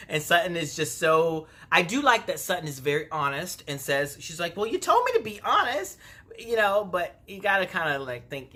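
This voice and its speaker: Chatty woman recapper, bright tense voice, gossipy and animated, vlog. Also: sits low. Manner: acts out quotes in exaggerated voices. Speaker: reality TV recapper. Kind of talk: casual review vlog.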